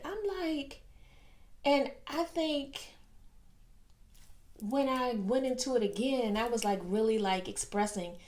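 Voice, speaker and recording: Lively, high-voiced woman telling a story. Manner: expressive, exaggerating, laughing often. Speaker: vlog host telling a personal story. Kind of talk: animated storytelling.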